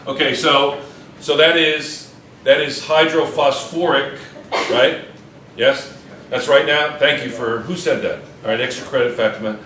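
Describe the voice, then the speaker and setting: Male chemistry teacher, bright voice, drills the class with repeated questions; roomy classroom sound. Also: mid-range voice, fairly even intonation, unhurried, far from the mic, slight background noise. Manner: quizzing students, repeating questions. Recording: echoey classroom.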